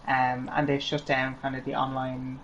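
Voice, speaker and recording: A woman streamer in casual chat while gaming, reacting to stories with quick, supportive comments. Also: very deep voice, monotone, muffled recording, over a noisy crowd.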